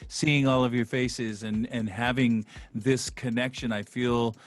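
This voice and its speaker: A man on a video call who talks in a halting, heartfelt way with a radio DJ flair. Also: medium pitch, steady tone, no echo. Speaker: guest. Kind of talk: casual chat on a video call.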